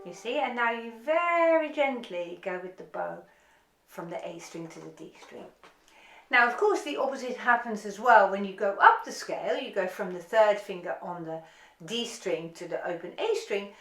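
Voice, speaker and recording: A woman's voice: mid-range voice, expressive, normal speed, a bit bright, roomy sound, faint music behind. A woman teaching an online violin lesson, giving encouraging step-by-step instructions.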